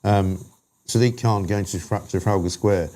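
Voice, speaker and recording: An older man from London hosting a political talk show, telling anecdotes with his pitch jumping up at the punchlines. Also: normal speed. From London, England. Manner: storytelling, animated with rising pitch on punchlines.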